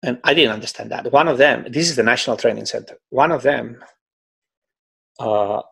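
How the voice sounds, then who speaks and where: A middle-aged swim coach with a gravelly, husky, mid-range voice talks at a moderate pace in an interview. He tells stories in a lively, animated, conversational way, loose and unscripted, sprinkling in "you know" often and slipping into quoted voices.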